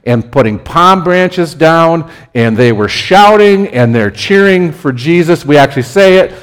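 A man preaching a conversational sermon as pastor, his delivery lively and building to emphatic peaks. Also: on the high side, moderate pace, few pauses, clean tone.

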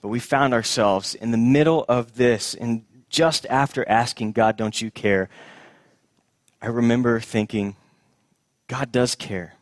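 Earnest preacher guy giving a sermon, repeats his points, goes soft and low, dry close sound. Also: no room sound. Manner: earnest, repeats key phrases for emphasis. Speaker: pastor.

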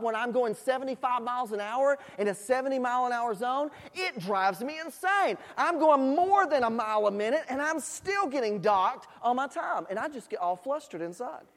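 A man preaching a sermon, telling folksy stories with asides to the congregation. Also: very high voice. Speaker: pastor. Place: church sanctuary. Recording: long hall reverb in a church.

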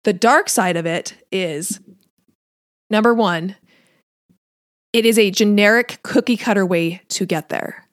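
A woman's voice: medium pitch, a little slow, long pauses, no room sound, studio quality. A woman coaching on diet and nutrition in a casual solo podcast talk, conversational, often laughing lightly and acting out what her listeners might think. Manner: conversational, often acts out listeners' thoughts in quotes; laughs lightly while talking.

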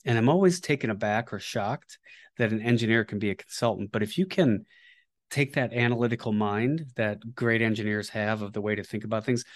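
A man hosting a podcast, chatting casually, joking and teasing his guest with sarcastic praise. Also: on the low side. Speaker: podcast host.

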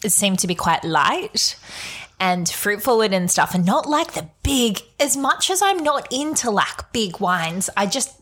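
A woman's voice: medium pitch, big pitch swings, measured pace, a bit bright. A woman co-hosting a wine show in a casual, chatty way, laughing easily. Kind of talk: casual chat.

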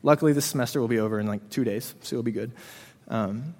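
A man preaches in a relaxed, conversational sermon aimed at students, telling a scripture story in his own everyday words. He speaks at a brisk clip and leans on casual fillers. His voice carries a long reverberant tail, as if recorded in a large hall. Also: mid-range voice. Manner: conversational, retells the story with frequent "um" and "you know".

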